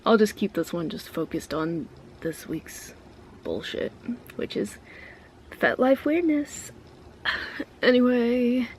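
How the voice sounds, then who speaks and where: A woman's voice: fairly high pitch, sing-song, takes it slowly, pauses often, slight background noise. A woman vlogger talking to camera in a casual, ranty way, blunt and full of swearing. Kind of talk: casual ranting vlog.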